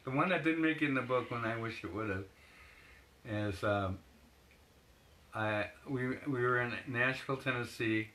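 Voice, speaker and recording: A man's voice: medium pitch, moderate pace, pauses often, sharp tone, rough recording. A man being interviewed as a photographer, telling long rambling anecdotes with laughs and acted-out quotes. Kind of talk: casual storytelling in an interview.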